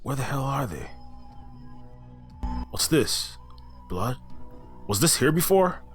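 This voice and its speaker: Man doing a flustered social worker in a game, blunt then sorry, mid pitch, some music behind. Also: big pitch swings, slow pace. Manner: flustered, blurts things out then apologizes.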